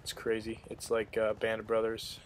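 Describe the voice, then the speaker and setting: A man's voice: lowish voice, completely flat delivery, normal speed, a little hiss or hum. A young man giving casual, rambling commentary over gameplay, with many fillers and restarts as he tells a story.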